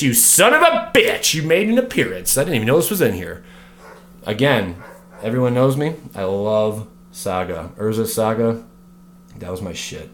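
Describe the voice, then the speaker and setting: Male vlog host, home setup, animated ranter, lively pitch, swears a lot. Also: a little hiss or hum. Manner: animated, swears freely, breaks off into joking rants. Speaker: card game video host. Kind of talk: casual card review vlog.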